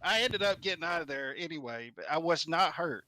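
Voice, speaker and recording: A man hosting a casual chat, telling a story in a relaxed, chatty way. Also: a little high, a little fast, no room sound.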